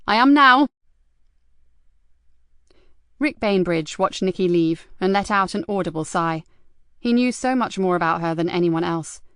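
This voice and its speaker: A woman audiobook narrator reads scripted narration in a low, smooth voice, with measured, even storytelling. The sound is clean studio audio with no room sound.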